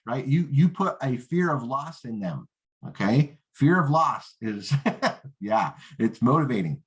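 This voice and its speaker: A man coaches networkers in a confident, steady mid-range voice. He keeps checking in with "right?" and "okay?" as he teaches. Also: a little slow. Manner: confident, acts out rookie and prospect lines in higher voice; peppers talk with "right?" and "okay?". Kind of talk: coaching lesson.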